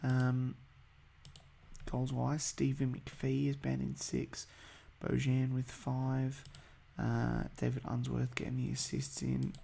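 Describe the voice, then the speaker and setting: A man's voice: mid-range voice, monotone, takes it slowly, vocal fry, dark tone. A man giving casual, hesitant commentary over a football management game, full of ums and uhs. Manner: chatty, hesitant, many ums. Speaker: gaming video host.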